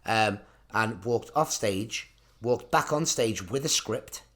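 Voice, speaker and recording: A man's voice: lowish voice, animated, takes it slowly, a bit bright. A man, co-hosting a casual comedy podcast, rambling and laughing at his own jokes. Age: 30s. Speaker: podcast co-host.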